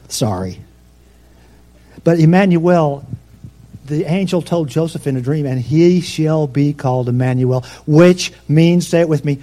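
A pastor preaching a sermon, swinging between loud emphatic peaks and soft, low asides. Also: male voice.

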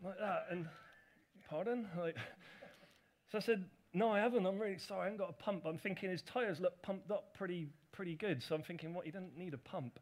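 A man's voice: sits high, brisk. A middle-aged man, a pastor, telling a personal story in a chatty, self-deprecating sermon with asides to his congregation.

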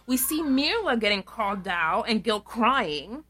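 A woman chats on a podcast about last night's reality episode, her pitch leaping up and down as she goes. She swears freely and slips into shrill impressions of the people she describes. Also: measured pace, background noise. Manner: animated, acts out quoted people in shrill voices, laughs, swears. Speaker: podcast co-host. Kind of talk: casual chat recapping a reality show.

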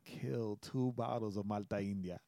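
Casting: young male podcast co-host from Puerto Rico, animated storyteller, close dry mic. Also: on the low side, normal speed, gravelly, dry recording. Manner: animated storyteller, laughs often. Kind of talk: casual chat.

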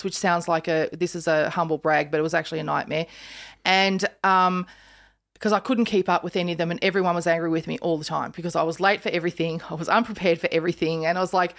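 A woman's voice: lowish voice, fairly quick. A woman in her fifties with an Australian accent, hosting a podcast and telling stories in casual chat, acting out the voices of people in them. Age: 50s. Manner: animated storyteller, acts out voices in quotes. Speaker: podcast host.

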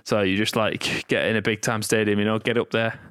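A man's voice: lowish voice, little pitch movement, fairly quick, fairly bright tone, clear, resonant tone, no echo, clean studio sound. A young man, a rugby player co-hosting a podcast, rambling easily with lots of fillers. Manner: laid-back, rambling with fillers. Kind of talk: casual chat.

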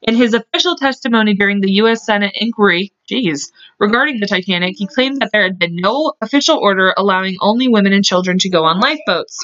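A woman's voice: mid-range voice, quick pace, hardly any pauses, fairly bright tone, no room sound. A woman co-hosting a podcast, reading out history notes with chatty asides. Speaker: podcast co-host. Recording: dull lo-fi podcast audio.

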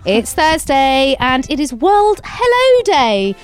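A woman's voice: high-pitched, very animated, takes it slowly, soft background music. A woman co-hosting a podcast, bantering playfully. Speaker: podcast co-host. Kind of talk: casual chat.

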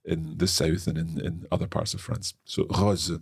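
A man's voice: very deep voice, level tone, normal speed, gravelly, husky, no room sound, studio quality. A man with a Scottish accent, hosting a language lesson and patiently explaining a text line by line. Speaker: French teacher and podcast host.

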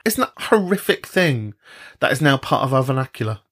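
A British man hosting a podcast, chatting casually and swearing freely, often jumping into high mocking voices. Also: very animated, fairly quick, a bit bright. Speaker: podcast host. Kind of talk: casual chat.

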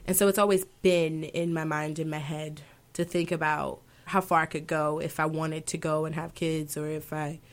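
Aspiring opera singer, woman in her 20s, lowish voice, rambling and reflective in interview. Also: little pitch movement, normal speed, hardly any pauses. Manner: thoughtful, rambling with fillers and self-corrections. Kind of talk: casual interview answers.

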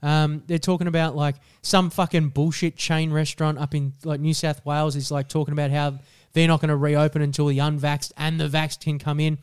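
A young Australian man co-hosting a casual podcast, swearing freely and ranting in an animated way. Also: a little high, a little fast, smooth, dry recording, clean studio sound. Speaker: podcast co-host.

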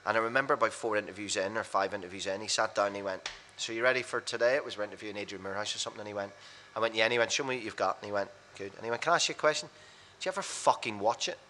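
A man with a bright, forward voice tumbles through blunt, self-mocking stories at high speed. He sits a touch low in pitch, chatting casually as a podcast guest. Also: fairly even intonation, rapid-fire, hardly any pauses, slight background noise. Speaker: radio presenter and podcast guest. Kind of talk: casual storytelling chat.

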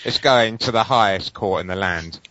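A man's voice: fairly low pitch, normal speed, noisy background. A man co-hosting a fan podcast, bantering with dry jokes. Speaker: podcast co-host. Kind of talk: casual banter. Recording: dull lo-fi home recording.

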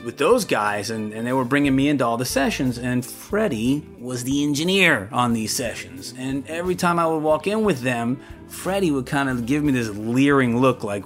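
A man casually recounting a story from his past, lively and acting out other people's voices. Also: mid-range voice, normal speed, few pauses, soft background music. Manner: animated, acts out the voices of others in his anecdotes. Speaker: interviewee recounting his studio career.

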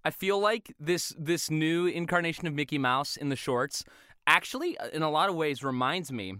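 A young man chatting casually on a podcast about cartoons, animated and quick to break into loud impressions. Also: on the high side, clear, resonant tone, no echo, studio quality.

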